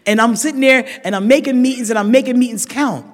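A woman speaking at a recovery meeting, telling her story with blunt humor and lively voices for the people she quotes. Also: on the high side, quick pace. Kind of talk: personal recovery testimony. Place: large meeting hall. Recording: reverberant hall with long echo.

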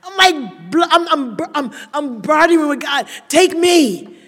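A woman's voice: high-pitched, animated, moderate pace, bright, forceful tone. Woman speaker at a recovery meeting; raw, emphatic share addressed to the room; long hall reverb. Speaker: speaker sharing a recovery story.

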